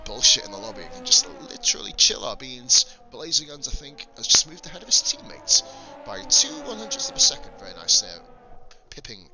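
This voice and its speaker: An English man with a slight lisp calls an online race live, blunt and free with swearing. His pitch swings up and down a lot as he reacts. Music plays clearly under his voice from his desk mic. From England. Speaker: sim racing commentator. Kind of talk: live stream race commentary.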